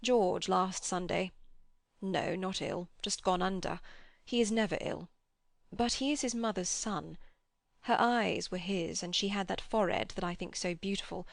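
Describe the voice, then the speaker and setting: A woman reading the part of a gentle, grieving old man who talks slowly and softly, with a quaver, in an audiobook. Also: on the low side, gravelly, no echo, studio quality. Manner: slow, soft, quavering.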